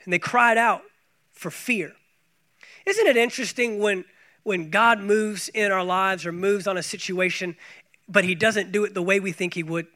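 High, bright-voiced preaching man. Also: normal speed. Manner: emphatic, swings from quiet to loud, repeats phrases. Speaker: pastor. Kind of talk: sermon.

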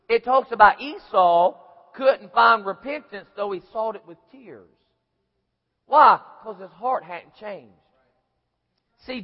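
A man preaching a sermon in a folksy storytelling way, acting out little scenes and voices. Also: extremely high pitch. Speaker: pastor. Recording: echoey hall, dull lo-fi sound.

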